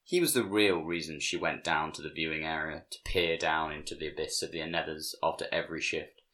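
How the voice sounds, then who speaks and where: Male narrator, very low voice, measured storybook reading, hushes for dialogue. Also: steady tone.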